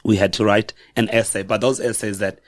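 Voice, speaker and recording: A middle-aged man with a South African accent speaks in a fairly low voice, telling personal stories as a podcast guest. He talks reflectively and haltingly, often correcting himself mid-sentence. The sound is dry and close, with little room reflection. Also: steady tone, no room sound. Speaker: guest author. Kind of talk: personal storytelling in a podcast interview.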